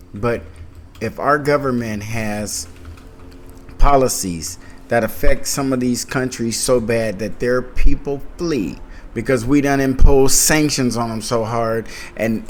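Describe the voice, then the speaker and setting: A man's voice: medium pitch, a little hiss or hum. A man giving informal, blunt political commentary on a speech clip, talking conversationally and critically.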